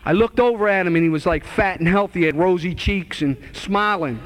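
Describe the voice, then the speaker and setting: A man in his forties giving an earnest, animated testimony. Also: high-pitched, brisk. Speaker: guest speaker sharing testimony. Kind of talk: testimony talk.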